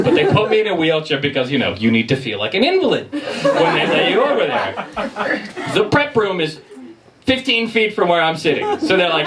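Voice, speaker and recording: A man doing stand-up at a bar comedy night, telling a story in a profane, animated and self-mocking way. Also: high voice, heavy background noise. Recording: distant mic with crowd laughter. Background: audience laughter.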